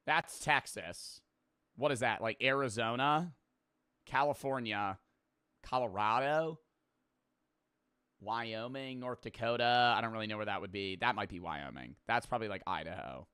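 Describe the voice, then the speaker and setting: A young man streaming his reactions to a video in casual talk, blunt and profane, with loud mocking outbursts. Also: mid-range voice, clear, resonant tone, no echo, studio quality.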